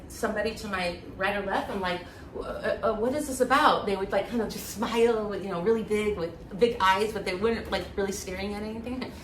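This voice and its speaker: A woman guest telling her story in a candid, animated way, acting out voices with many fillers. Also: on the high side, noisy background. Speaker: interview guest, former acting student. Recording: echoey room, voice from a distance.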